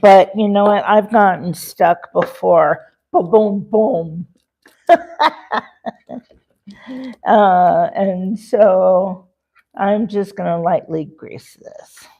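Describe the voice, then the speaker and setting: A woman's voice: mid-range voice, steady tone, very slow, gravelly, long pauses, highs cut off. A woman hosting a casual cooking livestream from her home kitchen, chatty and rambling, full of fillers and talking to her chat. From Rocky Mountains, USA. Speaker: livestream host.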